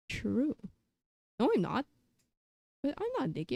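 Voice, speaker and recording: A woman's voice: on the high side, big pitch swings, warm tone, dry recording, studio quality. Chaotic, swearing young streamer woman. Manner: chaotic, swears a lot, argues with herself in quick back-and-forth; jumps between silly sounds, jokes and random tangents. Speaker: variety streamer. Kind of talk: unscripted live-stream rambling.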